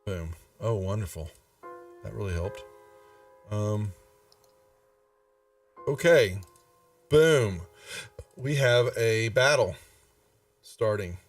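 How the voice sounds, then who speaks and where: A man's voice: fairly low pitch, animated, very slow, long pauses. A man narrating as game master in a laid-back, rambling way with many fillers. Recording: distant mic, faint music behind.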